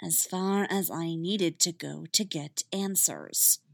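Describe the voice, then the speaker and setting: A woman voicing a cold, menacing female dark warrior, speaking slowly, low and quietly. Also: creaky, dry recording, exaggerated voice. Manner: slow, low, quiet and threatening.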